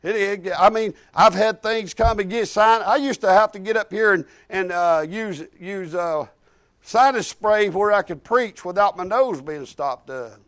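Male preacher with a very high voice; folksy testimony sermon, emphatic, restarts often. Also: unhurried, a bit bright.

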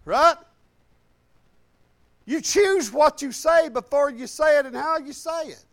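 A man's voice: very high-pitched, takes it slowly, creaky, fairly bright tone. A man in his fifties preaching a sermon, telling folksy personal stories in casual, colloquial grammar.

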